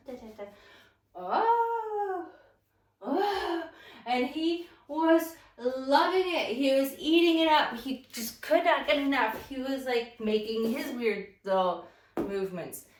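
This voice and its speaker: A woman telling a casual, rambling story while she leads a morning stretching routine as a fitness instructor. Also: a little high. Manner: chatty and rambling, animated when acting out the story. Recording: roomy sound from a distance.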